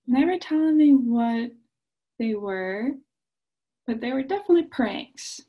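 A woman in her twenties, a PhD student, telling children an expressive story with occasional hushed asides. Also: fairly high pitch, rough recording.

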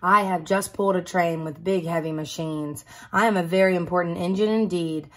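A woman's voice: fairly low pitch, fairly even intonation, lightly acted. A woman voicing a self-important big, strong male engine in a storybook reading. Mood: boastful. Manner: brisk and boastful.

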